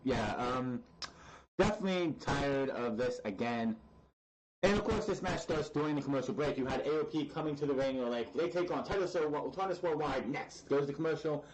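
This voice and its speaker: A man's voice: medium pitch, normal speed, background noise. A man reviewing a wrestling show in casual podcast commentary, blunt and exasperated.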